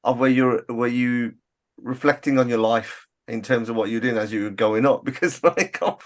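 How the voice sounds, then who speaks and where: A man's voice: medium pitch, moderate pace. A man hosting a podcast who asks his guests questions in a curious, chuckling, conversational way. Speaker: podcast host. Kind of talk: interview questioning.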